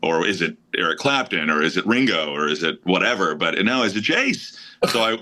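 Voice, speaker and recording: A man, a musician guest, telling a casual story with stammered restarts and lively quoted voices. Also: low-pitched, a little fast.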